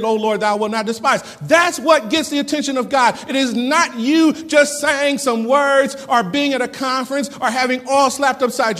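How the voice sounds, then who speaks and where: High-voiced preacher in a reverberant hall. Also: male voice. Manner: fervent preaching with dramatic pauses and swings in loudness. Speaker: pastor. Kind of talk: sermon.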